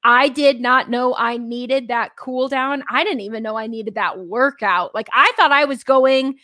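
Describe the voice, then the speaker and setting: A woman's voice: on the high side, measured pace, sharp tone, no room sound. A woman hosting a podcast, chatting casually and telling a personal story. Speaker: podcast host. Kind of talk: casual conversation.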